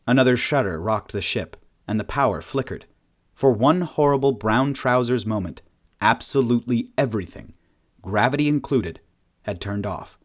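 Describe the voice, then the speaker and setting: A man narrating a science fiction audiobook in a steady, plain storytelling manner. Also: medium pitch, moderate pace.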